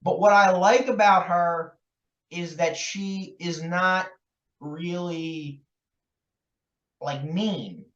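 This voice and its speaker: A man's voice: sits high, fairly even intonation, extremely slow, pauses often, a bit bright. A man co-hosting a podcast, chatting loosely about a film with lots of fillers and laughs. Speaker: podcast co-host. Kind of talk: casual chat about a film. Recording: roomy, distant, dull lo-fi sound.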